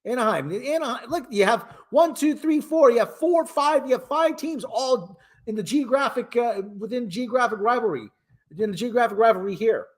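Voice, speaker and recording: A man from the Hartford area of Connecticut hosts his own show, ranting about sports in a casual, exasperated, rambling way with many restarts. His voice is extremely high and animated, at a normal speed.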